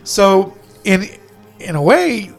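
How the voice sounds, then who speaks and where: A man's voice: sits high, sing-song, takes it slowly, gravelly, soft background music. A man co-hosting a casual podcast chat, telling rambling, profane stories full of restarts. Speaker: podcast co-host.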